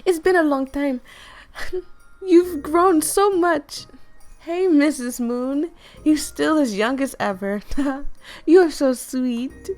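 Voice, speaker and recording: Brief: woman doing a high, bubbly older shop lady, Jamaican British accent, friendly but cagey. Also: slow, a little mellow, faint music behind. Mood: warm, fond. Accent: put-on Jamaican British.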